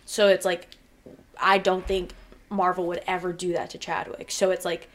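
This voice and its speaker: A woman's voice: lowish voice, flat delivery, normal speed. A young woman co-hosting a laid-back fan podcast. She rambles along with lots of "like" fillers, and her voice carries real feeling as she talks. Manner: chatty, lots of "like" fillers, emotional. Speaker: podcast co-host. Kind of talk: casual fan podcast chat.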